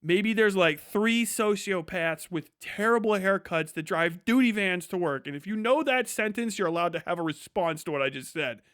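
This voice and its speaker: Young male streamer with a high voice and a dry, close sound, on a crude, heated rant. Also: lively intonation, moderate pace, few pauses, fairly bright tone, dry recording. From United States. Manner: profane, heated, mocking impressions. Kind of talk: ranting livestream monologue.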